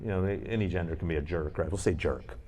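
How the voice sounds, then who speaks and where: A man's voice: low voice, fast, a little mellow. A man co-hosting a podcast recorded live on a convention panel, telling a rambling, profane story and acting out the people in it. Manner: rambling, profane anecdotes with acted-out quotes. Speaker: podcast co-host.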